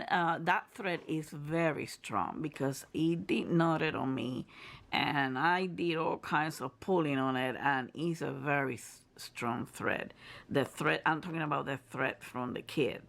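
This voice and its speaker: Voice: medium pitch, gravelly. A crafter and channel host giving a casual review and tutorial, chatty and explanatory, often restarting phrases mid-sentence while showing materials to the camera.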